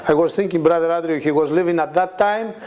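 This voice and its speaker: A guest preacher with a slightly high voice talks fast, delivering a conversational testimony sermon at a church meeting where the congregation responds. He laughs often and tells his stories with animation, acting out the voices of the people he quotes.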